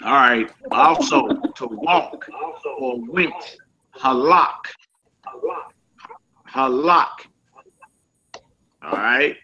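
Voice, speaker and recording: A man teaching a casual Hebrew vocabulary lesson, saying each word slowly and repeating it, with relaxed slang asides to his listeners. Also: mid-range voice. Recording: dull lo-fi sound.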